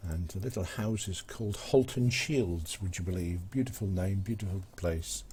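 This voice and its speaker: Streamer, male, low and mellow, meandering joke-teller, lots of ums and restarts, faint hiss. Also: moderate pace. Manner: rambling, hesitant with many fillers and restarts. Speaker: live-stream gamer. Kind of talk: casual live-stream chat, telling jokes.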